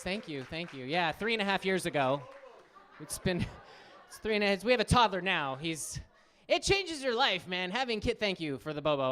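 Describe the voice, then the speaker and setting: A man in his thirties doing a stand-up comedy set on a club stage, telling animated stories and acting out the people in them. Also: clear, resonant tone. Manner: animated storytelling, acts out quotes in higher voices.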